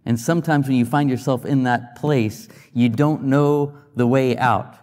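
A man preaching a sermon in a church, talking it through like a teacher, with restarts and questions thrown at the congregation. His mid-pitched voice rings out with a long reverb from the hall around him. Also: measured pace, a little mellow. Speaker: pastor. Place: church sanctuary.

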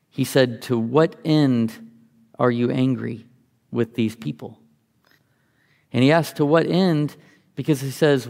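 A man's voice: medium pitch, vocal fry, darkish tone, in a large hall. A man teaching from the Bible, reading passages aloud and explaining them in a conversational, think-aloud way.

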